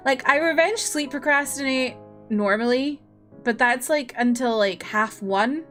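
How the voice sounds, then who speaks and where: A woman's voice: high-pitched, slow, a bit bright, soft background music. A tired young woman streamer chatting casually and rambling, often breaking into laughs.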